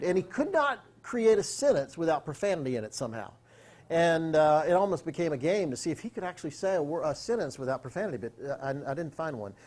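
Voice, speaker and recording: Man telling a lively story, fairly high voice. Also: quick pace. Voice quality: animated, acts out quotes. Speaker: speaker. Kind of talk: storytelling talk.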